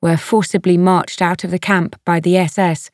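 A woman narrating an audiobook in a measured, even storytelling manner, recorded close to a studio mic. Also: lowish voice, dry recording. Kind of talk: scripted narration.

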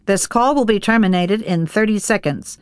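A woman reading an audiobook, voicing a mechanical automated phone operator with slow, flat announcements. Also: medium pitch, clean tone, no room sound, studio quality, pitched above the performer's own voice, lightly acted.

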